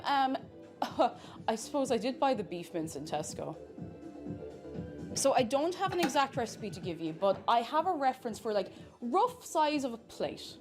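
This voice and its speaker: A woman streamer chatting casually and playfully while she cooks, rambling from one thought to the next. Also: a little high. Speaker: cooking streamer.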